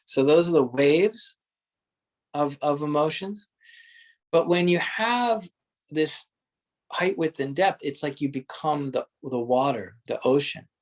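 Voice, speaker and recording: Gentle man guiding a meditation. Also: fairly high pitch, animated. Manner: slow, gentle, searching phrasing with frequent laughter. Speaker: meditation teacher. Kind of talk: guided meditation instruction.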